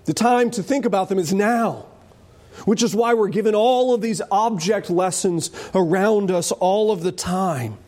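A man preaching a sermon with animated delivery and joking asides. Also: high-pitched, a little slow.

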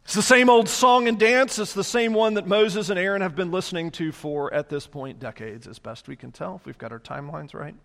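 Animated high-voiced man preaching in a hall. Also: brisk, vocal fry, hardly any pauses. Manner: animated, breaks into mocking voices for complainers. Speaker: pastor. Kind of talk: sermon. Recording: long hall reverb.

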